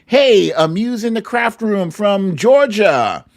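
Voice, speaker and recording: Lively male livestream host, sing-song. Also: high-pitched, takes it slowly. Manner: lively, sing-song, hums and playful asides. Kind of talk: reading a live chat roll call.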